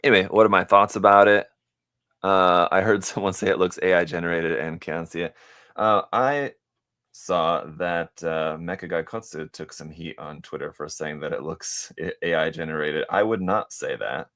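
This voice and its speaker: Low-voiced man rambling on a live stream. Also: normal speed, a bit bright. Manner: rambling and hesitant, many fillers and restarts; mutters to himself while working. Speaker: live-stream host building a model kit. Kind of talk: casual live-stream chat, answering viewer questions.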